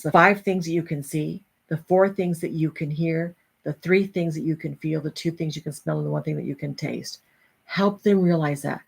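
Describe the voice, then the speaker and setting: A middle-aged woman host telling a personal story to an audience, animated and acting out the voices of others. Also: low-pitched, gravelly, slightly rough.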